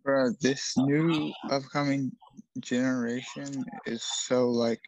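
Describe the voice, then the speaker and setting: A young man co-hosting a casual podcast chat, making blunt deadpan remarks. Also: medium pitch, takes it slowly, no echo, poor audio. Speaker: podcast co-host.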